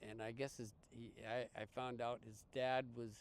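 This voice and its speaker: Male podcast guest, conversational storyteller, smooth clear tone, mid pitch, lots of false starts. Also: moderate pace. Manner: rambling, full of restarts and fillers, animated quoting. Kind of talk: casual storytelling.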